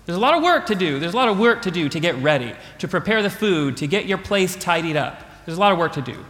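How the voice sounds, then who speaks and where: A male pastor preaching a sermon, retelling a story with animated, repetitive phrasing. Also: high voice, fast. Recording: long hall reverb.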